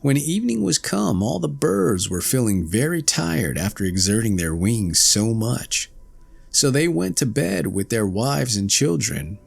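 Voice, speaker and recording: A male storyteller reads classic fairy tales aloud at an unhurried pace, his voice rough and gravelly. His delivery is lively, rising and falling to paint each scene, with soft music faintly underneath. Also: on the low side. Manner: slow, expressive fairy-tale reading. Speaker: audiobook narrator. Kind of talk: storybook narration.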